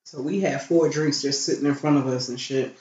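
This podcast co-host has an extremely low pitch and talks fairly quickly as she spins a casual, profane story, acting out people's lines with animation. The audio is roomy and slightly dull.

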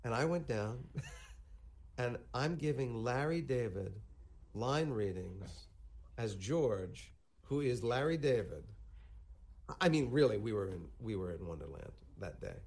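A man's voice: mid-range voice, lively intonation, measured pace, pauses often, darkish tone. A man in an interview clip telling a story, acting out the lines he quotes. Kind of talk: anecdote in an archive clip.

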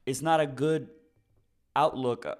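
A man's voice: medium pitch, fairly even intonation, measured pace. A man co-hosting a casual soccer podcast, talking in hesitant restarts with some swearing. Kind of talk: casual sports chat.

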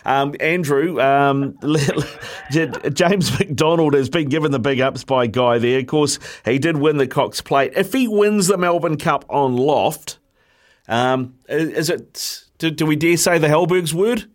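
A man hosting a casual sports chat, relaxed and jokey as he steers the talk. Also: on the high side, unhurried. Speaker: host.

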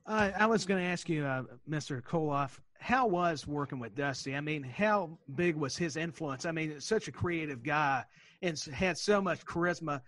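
A man's voice: a little high, moderate pace, fairly bright tone, no echo. A man co-hosting a podcast, politely and eagerly asking a guest a question. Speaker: podcast co-host.

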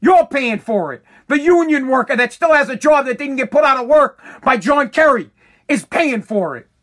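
A man's voice: very high-pitched, lively intonation, moderate pace, a bit bright. A man who runs a contracting business, delivering a heated, profane political rant and hammering his points again and again. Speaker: working contractor.

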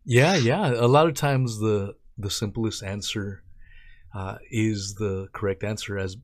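A man's voice: on the low side, measured pace. Laid-back joking male podcast host. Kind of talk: casual conversation.

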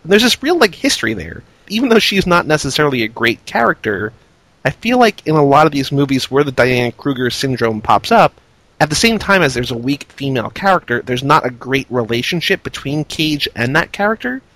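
A man's voice: mid-range voice, very animated, brisk, fairly bright tone, no echo. A man co-hosting a film podcast, talking casually in a chatty, filler-heavy way.

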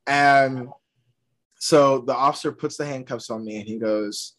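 A young man from Georgia spins a comic story as a podcast guest. He slips into the voices of the people he describes, animated and quick. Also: mid-range voice. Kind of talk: comedic storytelling.

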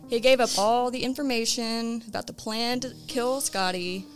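A woman with a slightly high voice hosts a true crime podcast, telling a case at normal speed in easygoing, conversational style with plenty of ums and uhs. Faint music sits behind her.

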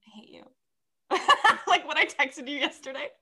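A young woman co-hosting a casual book chat, talking fast with lots of fillers and frequent laughs. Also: high voice, bright, forceful tone. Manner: chatty, filler-heavy, laughs often.

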